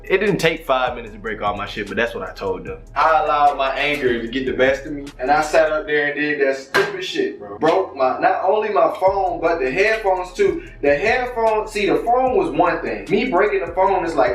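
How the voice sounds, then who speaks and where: A man's voice: a little high, brisk, hardly any pauses. A man in a casual vlog tells a story with lots of slang and swearing, his voice swinging up and down. The room is echoey, and faint music plays underneath. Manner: animated, profane, slangy storytelling. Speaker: vlogger. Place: kitchen, cooking breakfast.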